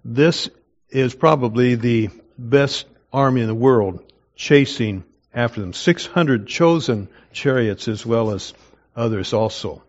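A man's voice: medium pitch, slow pace. Man teaching through a Bible passage. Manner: reads scripture aloud, then explains it conversationally. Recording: slightly dull, lo-fi recording.

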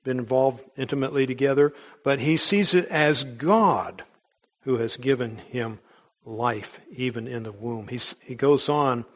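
A man's voice: mid-range voice, a little slow. A man preaching a sermon in an earnest, emphatic way, with small restarts as he goes. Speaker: pastor.

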